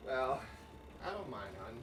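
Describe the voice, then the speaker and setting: A man's voice: mid-range voice, big pitch swings, measured pace, fairly bright tone, recorded from a distance, a little hiss or hum. A man chatting casually with his partner during her art stream, easygoing and teasing. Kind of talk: casual chat.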